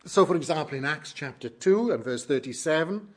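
Husky-voiced male preacher. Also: a little high, expressive, fairly quick. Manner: preaching with rising emphasis on quoted questions. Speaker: pastor. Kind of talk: sermon.

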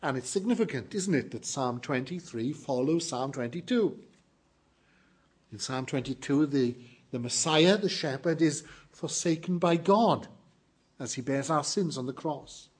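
A man preaching a morning sermon to his congregation, earnest and emphatic, slowing down to stress key phrases. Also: a little high, expressive, slightly rough. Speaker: pastor.

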